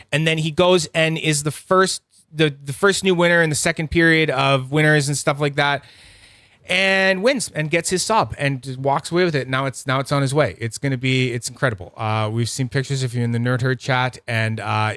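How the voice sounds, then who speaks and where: This livestream review channel's host has a sharp, medium-pitched voice recorded with studio quality and no echo. He's chatty and rambling, cursing freely and calling out viewers by name during the casual stream.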